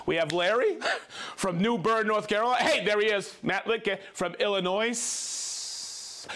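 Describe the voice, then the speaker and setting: A man with a fairly high, bouncy voice reads through a long list of viewer shout-outs. His delivery is playful and jokey, with quick laughs between names. His pitch swings widely from phrase to phrase. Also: lively intonation. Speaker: host.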